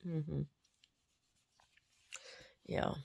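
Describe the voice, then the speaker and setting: A woman's voice: drawn-out words, darkish tone. A woman vlogger chatting casually and meandering, repeating words and muttering asides to herself. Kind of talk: casual rambling chat.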